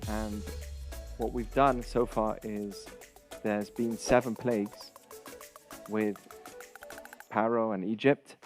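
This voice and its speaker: A man hosting and teaching a casual Torah lesson, explaining in short phrases with pauses and glossing Hebrew terms as he goes. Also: fairly low pitch, flat delivery, faint music behind.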